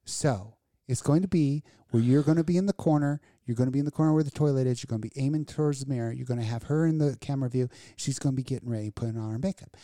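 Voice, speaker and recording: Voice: medium pitch, quick pace, hardly any pauses, mellow. A radio show host talking in casual chat, blunt and ranting, full of profanity.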